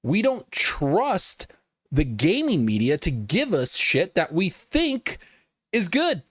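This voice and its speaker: A man's voice: sits high, takes it slowly, slightly rough, no echo, studio quality. A man hosting a live gaming news stream, talking casually with lots of swearing and riffing with his chat. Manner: profane, animated, riffs and laughs at chat.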